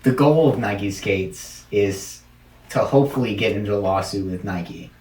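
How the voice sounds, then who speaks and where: A man's voice: on the low side, moderate pace, darkish tone, distant mic. A man hosting a casual talk show, teasing and joking with his guests. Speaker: host. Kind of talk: casual chat. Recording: roomy sound from off mic.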